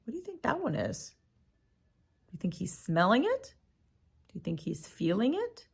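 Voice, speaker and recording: A woman's voice: mid-range voice, huge pitch swings, husky. A woman teacher reading a picture book aloud to young children, asking them encouraging questions. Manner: slow, encouraging questions to kids.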